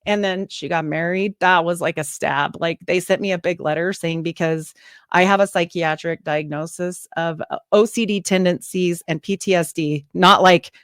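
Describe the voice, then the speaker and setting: Woman, lower voice, lively storytelling, dry close sound. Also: moderate pace, clear, resonant tone, no echo. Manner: animated, quotes people in lively voices. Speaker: podcast host, guest. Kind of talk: casual interview storytelling.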